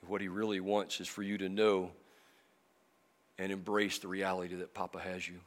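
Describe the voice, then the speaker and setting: A middle-aged man preaching a sermon in church, emotional, moving from loud emphasis to soft, slow passages. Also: low voice, flat delivery. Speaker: pastor.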